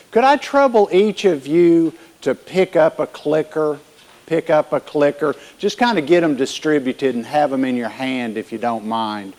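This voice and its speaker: Man, keynote speaker, wisecracking, directive, somewhat high voice. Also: darkish tone. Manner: joking, bossy with the audience. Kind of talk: humorous conference keynote.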